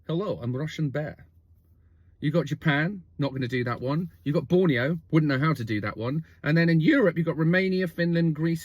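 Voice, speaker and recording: Sweary high-voiced man. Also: husky, no echo, studio quality. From London, England. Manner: sweary, animated, jokey asides. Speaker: video host. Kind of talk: comic fact-list monologue.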